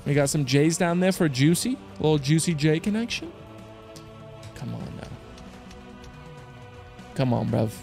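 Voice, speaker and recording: A man hosting his own channel, commenting excitedly to viewers with slang, swearing and loud outbursts. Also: fairly high pitch, unhurried, creaky, pauses often, faint music behind. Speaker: slots streamer host.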